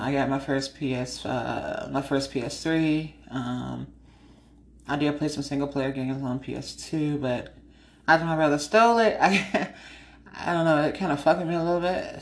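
A woman hosting a podcast, chatting casually and frankly, laughing often and acting out conversations. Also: low-pitched. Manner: frank, laughs often while telling stories; animated, acts out her own side of conversations. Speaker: podcast host. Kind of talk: casual chat.

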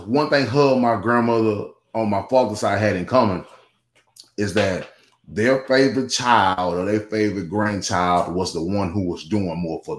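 Man, fairly low voice, casual podcast chat, rambling, roomy echo. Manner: rambling, with many restarts and "you know what I'm saying". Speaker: guest.

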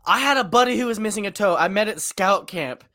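A man co-hosting a casual podcast chat, animated and cursing casually. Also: high voice, crowd noise. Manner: animated, swears casually, quick reactions. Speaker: podcast co-host.

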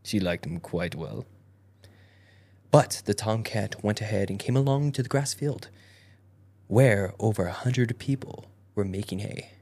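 Fairly low in pitch and dark in tone, this man speaks in an unhurried way. On his casual podcast he reads an old fairy tale aloud, stumbling over its antiquated phrasing.

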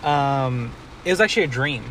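A man's voice: medium pitch, animated, normal speed, a bit bright, a little hiss or hum. A young man rambling through a casual story, full of "like" and casual swearing, talking as a co-host.

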